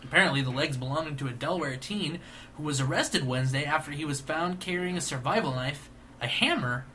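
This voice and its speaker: A man's voice: a little high, bright, forceful tone, slight background noise. A man co-hosting a casual comedy show, reading news items aloud and tossing in playful quips. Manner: eager, playful, quick quips. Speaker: co-host.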